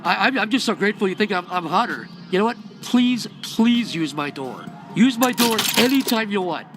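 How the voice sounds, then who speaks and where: A man's voice: high voice, expressive, normal speed. A man voicing an insecure, needy alien who whines and stammers, with game music behind. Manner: whiny, pleading, stammering.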